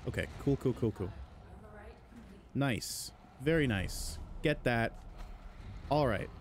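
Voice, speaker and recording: A male let's-play host speaks slowly in an animated, medium-pitched voice, over a slight hiss or hum. Jittery and panicked, he keeps talking to the enemies he's fighting as he plays.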